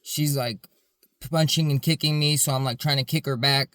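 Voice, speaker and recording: A man's voice: medium pitch, fairly even intonation, normal speed, a bit bright, no room sound, clean studio sound. Earnest man rambling through a story. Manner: earnest, rambling with many "like" fillers. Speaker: security supervisor telling his dreams. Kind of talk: casual storytelling to camera.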